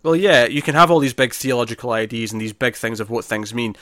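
A man co-hosting a casual podcast, chatting through a film review with lots of restarts and animated emphasis. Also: mid-range voice, fast talker, no echo, studio quality. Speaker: podcast co-host.

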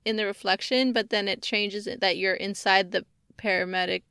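A woman's voice: medium pitch, steady tone, normal speed, bright, forceful tone, clean tone, dry recording. Giggly young woman in a dry room. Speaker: podcast co-host. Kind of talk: casual chat about a film.

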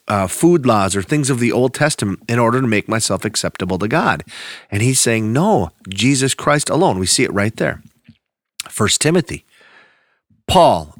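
A man preaching a sermon, teaching through scripture in a conversational way and reading verses slowly with emphasis. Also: lowish voice, a bit bright, no echo, studio quality. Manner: conversational with restarts. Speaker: pastor.

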